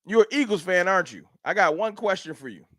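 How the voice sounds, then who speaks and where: Man, high lively voice, trash-talking stream host, dry close mic. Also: fast talker, no echo. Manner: trash-talking, animated, reads chat aloud. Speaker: livestream host. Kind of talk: casual livestream sports banter.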